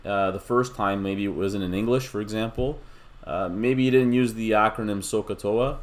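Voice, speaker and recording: A middle-aged man with a somewhat low voice talks through a recorded math lesson. He is patient and explains things one step at a time, with relaxed, casual asides. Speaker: math instructor.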